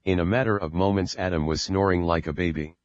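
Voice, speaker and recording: A man reading an audiobook as narrator, in a steady, measured way. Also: low-pitched, no room sound, muffled recording. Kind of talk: scripted narration.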